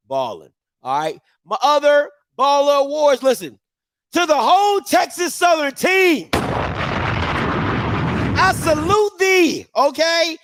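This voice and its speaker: A man hosting a casual sports show, talking in an animated, slangy way and dropping into low mutters between bursts of hype. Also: background noise.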